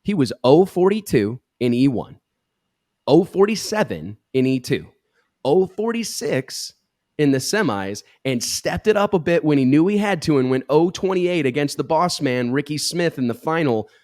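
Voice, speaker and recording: A man's voice: a little high, animated, moderate pace, darkish tone, no echo, clean studio sound. A middle-aged man hosting a casual drag racing talk show, enthusiastically running through race stats. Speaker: show host.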